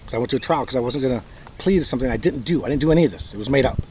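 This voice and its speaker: A man's voice: mid-range voice, animated, rapid-fire. Michigan man, bitter personal monologue, emphatic, faint outdoor noise. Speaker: vlogger telling his own story.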